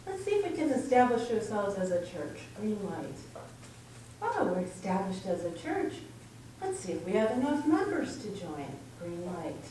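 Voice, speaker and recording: A woman's voice: mid-range voice, big pitch swings, moderate pace, dark tone. A woman minister giving a reflective talk to a congregation, telling stories in an earnest way. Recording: echoey room from far off, faint noise.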